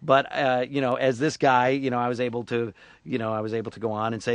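A middle-aged man from Syracuse, New York, trades easy jokes in an interview and keeps breaking into goofy voices. His voice sits at an ordinary middle pitch and is captured dry and close on a studio microphone, with no room around it. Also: level tone, quick pace, no room sound. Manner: jokey, slips into put-on voices and impressions. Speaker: voice actor guest. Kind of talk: casual interview chat.

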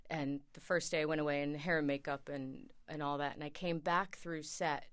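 A woman from Queens, an actress guest on a radio show, telling lively stories and acting out the quotes. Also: sits low, normal speed, clean tone. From Queens, New York. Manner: animated storyteller who acts out quotes. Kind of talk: interview anecdote.

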